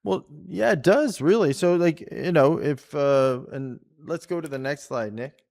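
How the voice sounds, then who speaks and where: A man's voice: fairly high pitch, a little slow, gravelly, darkish tone. A man from Canada co-hosting a casual talk show on policy, chatty and rambling, often laughing. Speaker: podcast co-host. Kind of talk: casual chat about policy.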